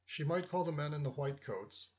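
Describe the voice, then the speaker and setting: A man reading a first-person story as narrator, in a measured, reflective way. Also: fairly high pitch, lively intonation, a little mellow. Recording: dull lo-fi audio.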